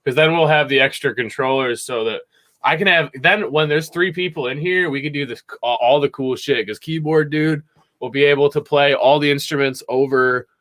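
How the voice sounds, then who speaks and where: A young man hosts a podcast from his home music room, talking in a slightly high voice. He rambles excitedly and swears freely in casual chat. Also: normal speed. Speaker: podcast host.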